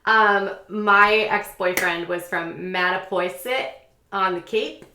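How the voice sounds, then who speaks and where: A woman's voice: mid-range voice, fairly even intonation, takes it slowly, bright, forceful tone, a little hiss or hum. Giggly woman host in an echoey room. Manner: giggly, rambling. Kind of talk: casual livestream chat.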